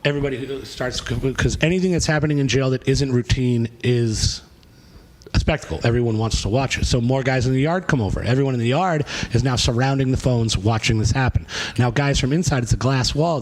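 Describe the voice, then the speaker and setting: A man tells a rambling, profane story on a podcast. He drops into other people's voices as he goes. His pitch sits in the middle for a man. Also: brisk, rough recording. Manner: animated, profane storytelling with acted-out quotes. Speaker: podcast guest, hardcore singer. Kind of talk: casual storytelling.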